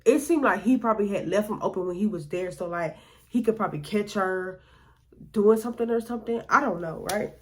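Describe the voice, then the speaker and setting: A woman's voice: mid-range voice, brisk. A woman vlogger telling a story in a rambling, profane, filler-heavy way. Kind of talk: casual storytelling.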